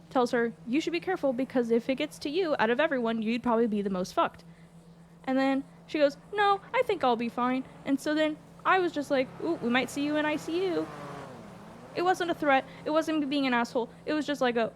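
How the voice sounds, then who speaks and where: A woman telling a story in casual chat, animated and exasperated, swearing often. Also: high-pitched, a little hiss or hum. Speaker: streamer recounting a roleplay.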